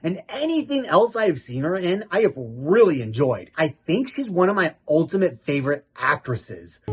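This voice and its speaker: A man hosting a casual film review show, talking in a giggly, self-mocking way and often breaking into laughter. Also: on the high side.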